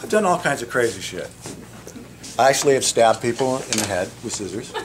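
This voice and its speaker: A man's voice: mid-range voice, a little fast, very noisy. A man who teaches cosmetology, telling funny work stories to a live audience and laughing as he talks. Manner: animated, joking, laughs while telling stories. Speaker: cosmetology educator.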